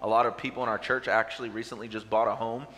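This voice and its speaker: A man in his thirties, a pastor preaching to his congregation in a relaxed, conversational way, with frequent "uh"s and restarts. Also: lowish voice, fast talker, long reverb tail. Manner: conversational, many "uh" fillers and restarts. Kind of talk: sermon with prayer and storytelling. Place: church sanctuary with a live congregation.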